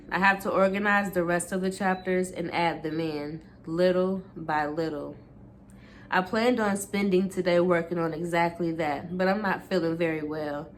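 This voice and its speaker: Female booktuber with a low voice, reading a memoir aloud in a steady, unhurried way. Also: slight background noise.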